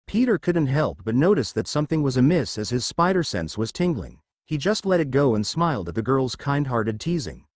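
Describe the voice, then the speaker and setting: A man reading fan fiction aloud as narrator, with expressive storytelling. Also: mid-range voice, moderate pace, hardly any pauses, dry recording, studio quality.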